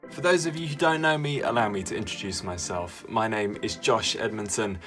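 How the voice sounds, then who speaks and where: A man's voice: lowish voice, brisk, music in the background. A young man, a university student, presenting a church livestream catch-up segment in an upbeat, friendly manner. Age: young adult.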